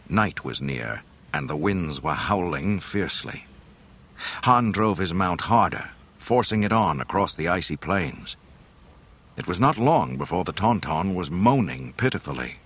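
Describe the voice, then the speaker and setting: A man reading a story aloud in an expressive, dramatic narration. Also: low-pitched, husky. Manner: expressive, voicing every character.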